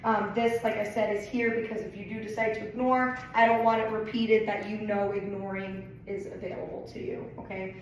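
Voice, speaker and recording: A woman's voice: medium pitch, flat delivery, fairly quick, few pauses. Woman dog trainer in a very echoey room. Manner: explains plainly, repeats "right?" and "okay?" checks. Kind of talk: casual training demonstration. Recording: very echoey room, mic far off, faint noise.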